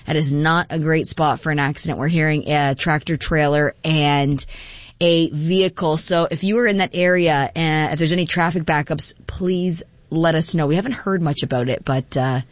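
A woman's voice: deep voice, fairly even intonation, normal speed, dry recording. Morning radio host, woman, casual and laughing, reading texts in a dry, slightly muffled studio sound. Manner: chatty, laughing, with frequent fillers.

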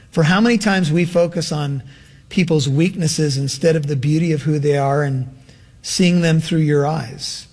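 A male pastor preaching a sermon and leading a prayer in an earnest manner, slowing down for emphasis. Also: a little high, darkish tone.

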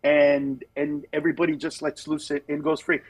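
A middle-aged man talks over a phone line as a guest comedian, his voice slightly husky and pitched fairly high. He tells stories in an animated way, slipping into other people's voices as he goes. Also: normal speed. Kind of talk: casual radio interview by phone. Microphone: phone with Bluetooth.

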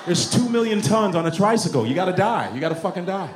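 A man doing stand-up comedy, profane and animated, jumping into voices. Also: sits high, fast, noisy background.

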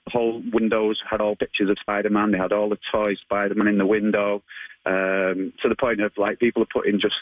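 A man's voice: lowish voice, level tone, fairly quick, no echo, narrow, tinny audio. A British man in his thirties, a guest chatting casually in an interview, laughing often and repeating words as he gets going. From United Kingdom. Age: 30s.

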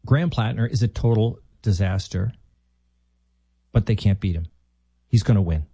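A man with a mellow, dark voice hosts political talk radio. He argues emphatically and thinks aloud. The sound is dry and close to the mic. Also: lowish voice, normal speed, husky, dry recording. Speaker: fill-in radio talk host.

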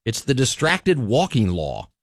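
A man hosting a radio talk show, talking in an opinionated, animated way with frequent restarts. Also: mid-range voice, measured pace, dry recording, clean studio sound. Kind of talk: casual radio chat.

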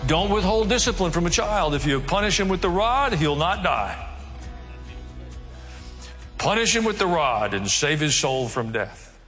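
A man's voice: high-pitched, sing-song, unhurried, long pauses, fairly bright tone, in a large hall, soft background music. A man preaching a sermon, reading scripture aloud and breaking off into humorous asides and mock voices. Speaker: pastor.

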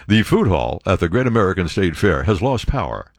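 An older man hosting a radio talk show, rambling and joking with asides and quick impressions. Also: low voice, very animated, no room sound, clean studio sound. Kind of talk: casual talk radio banter. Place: radio studio.

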